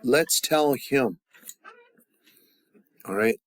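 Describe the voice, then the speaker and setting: A man teaching a language class, leading the students through call-and-response drills and pausing often with fillers and restarts. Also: medium pitch, expressive, no room sound. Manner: halting, with many fillers and restarts. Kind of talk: classroom grammar lesson.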